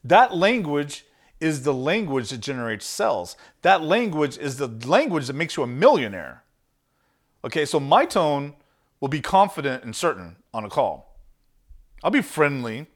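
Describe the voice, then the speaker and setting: Animated, emphatic male sales coach. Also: on the high side. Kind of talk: motivational teaching monologue.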